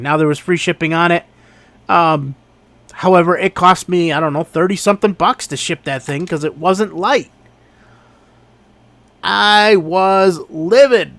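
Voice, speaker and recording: A man telling a story in a casual vlog, exasperated and animated as he recounts what happened. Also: sits high, dry recording. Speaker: online reseller.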